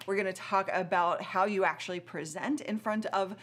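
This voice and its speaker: A woman's voice: medium pitch, fairly even intonation, normal speed, a bit bright. A tired woman hosting a casual live stream, chatty, with frequent laughs and many fillers.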